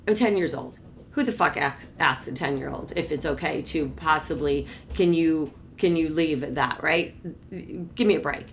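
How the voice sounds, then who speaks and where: A woman's voice: low voice, normal speed, fairly bright tone. A woman telling a personal story in a rambling, casual way, with many restarts and exasperated asides. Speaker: storyteller recounting her childhood.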